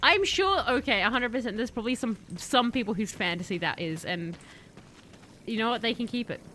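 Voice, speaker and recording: Bright-voiced playful female game streamer. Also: on the high side, brisk. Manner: playful, chatty, bursts into excited shouting. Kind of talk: live game commentary. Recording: faint background noise.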